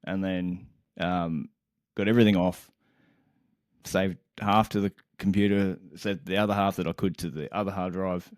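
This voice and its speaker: A young man on a casual podcast, co-hosting and telling a story in an animated, exasperated way, swearing constantly and laughing mid-sentence. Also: low-pitched, normal speed, dry recording, studio quality. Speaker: podcast co-host.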